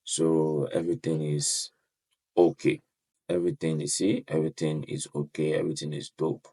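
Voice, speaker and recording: A man walks through a screen-share tutorial in a loose, rambling way, stringing every step together with "so" and quick apologies. His voice sits extremely low, with a rough, gravelly texture and a husky edge. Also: flat delivery, dark tone. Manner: rambling, starts most phrases with "so", apologizes often while clicking. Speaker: web design tutorial host. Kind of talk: casual screen-share walkthrough.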